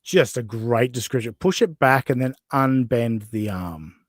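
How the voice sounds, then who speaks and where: A man's voice: mid-range voice, lively intonation, unhurried, no echo, clean studio sound. A man with an Australian accent hosting a podcast, chatting casually, mocking and laughing often as he reacts to clips. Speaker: podcast host.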